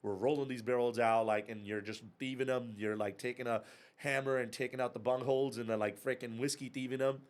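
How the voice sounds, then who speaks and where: A man's voice: mid-range voice, a little fast. A man in his thirties, a podcast guest, telling a long story casually and animatedly, swearing and laughing along the way. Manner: animated, profane, laughing through his anecdotes. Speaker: podcast guest, whiskey club and bar owner.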